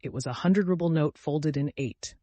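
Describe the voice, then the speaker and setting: A man narrating a classic novel in a measured, dramatic reading. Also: fairly high pitch, dark tone, dry recording. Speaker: audiobook narrator. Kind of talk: scripted narration.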